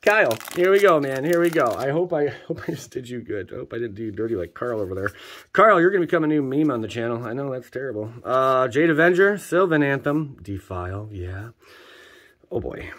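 A man casually commenting as he opens card packs for viewers, excitable and joking, jumping between loud hype and quiet muttering. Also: medium pitch, moderate pace. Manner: slangy, joking, teasing. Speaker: channel host opening card packs for viewers.

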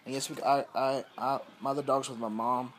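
A man's voice: medium pitch, level tone, brisk, a bit bright, a little hiss or hum. A man vlogging from his home, telling a long story in a loose, rambling, profane way and repeating himself often, recorded on a phone camera. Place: at home, indoors.

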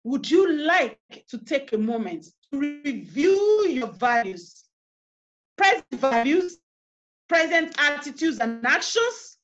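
A parenting coach with a Nigerian accent leads an online workshop over a video call, speaking earnestly, asking listeners lots of questions and walking them through an imagined scenario. Her high voice is sing-song and slow, and the audio has its highs cut off.

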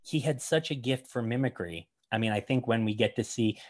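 A man's voice: mid-range voice, brisk, a little mellow. A man hosting a casual chat about magic videos, enthusiastic and rambling. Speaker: host.

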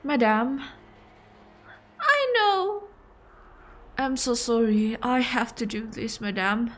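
A reluctant young debt collector in a horror game apologizes in a subdued, hesitant voice, slow and heavy, as a woman reads him. He is dutiful but plainly sorry. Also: a little high, expressive, fairly bright tone. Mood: somber.

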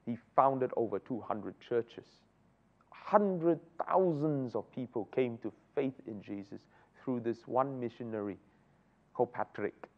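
A man teaching a Bible study, often asking the group rhetorical questions. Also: medium pitch. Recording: dull lo-fi recording.

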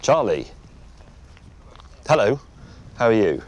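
A man's voice: on the low side, sing-song, slow, darkish tone. A man presenting on location outdoors, enthusiastic, with a dry, self-mocking humour. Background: clear music.

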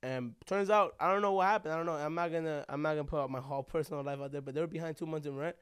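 Fast-talking young man telling a story. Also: on the high side, smooth, no room sound, clean studio sound. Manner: rambling, heartfelt, peppered with "bro" and "like". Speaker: podcast co-host. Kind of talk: casual storytelling chat.

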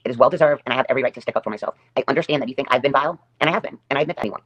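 Fast-talking woman ranting on a livestream. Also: a bass voice, husky, dull audio. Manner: sarcastic and taunting, repeats phrases. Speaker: livestream host. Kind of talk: livestream rant.

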